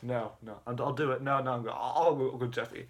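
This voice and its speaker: A man's voice: medium pitch, fairly even intonation, fairly quick, slight background noise, natural voice. A man voicing an exasperated, blunt father. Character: fed-up middle-aged dad, blunt.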